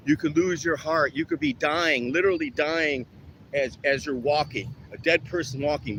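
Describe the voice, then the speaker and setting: A man's voice: on the high side, bright, forceful tone. A man ranting with a lot of swearing during an outdoor workout vlog, winded between exercises, with traffic around him. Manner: profane, heated and preachy. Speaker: fitness vlogger.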